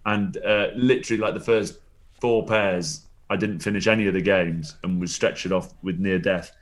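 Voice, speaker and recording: A man's voice: low voice, steady tone, normal speed. A man, a former rugby player, telling rambling anecdotes with chuckles and frequent restarts in a casual interview.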